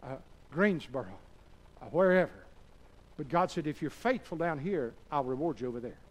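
A man preaching a sermon to a church congregation, shifting from quiet talk to shouted passages and calling out for amens. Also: a little high, animated, moderate pace. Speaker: pastor.

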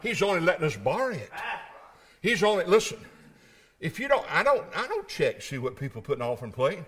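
A middle-aged male pastor preaching a sermon in a church, folksy, moving between quiet storytelling and shouted climaxes. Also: fairly high pitch, wildly swooping pitch, a little fast, husky.

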